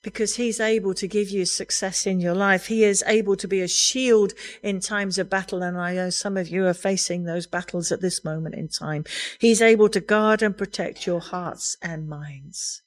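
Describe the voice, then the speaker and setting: A woman's voice: medium pitch, fairly even intonation, moderate pace. A middle-aged woman preaching a sermon in an earnest, conversational way, laughing lightly now and then.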